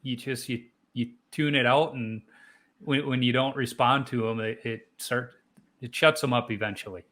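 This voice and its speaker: Male podcast host, bright clear tone, friendly, affirming, casual questions. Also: medium pitch, fairly even intonation. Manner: friendly, affirming interviewer, quick to laugh along. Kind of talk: casual interview chat.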